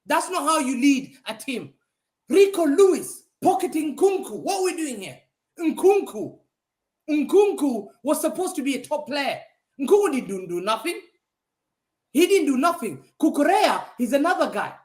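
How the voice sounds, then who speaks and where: Male fan-show pundit, high voice, swinging pitch, mocking and emphatic, roomy echo on the recording. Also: normal speed. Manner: animated, mocking, emphatic repetition. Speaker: football pundit. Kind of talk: heated football fan talk show rant.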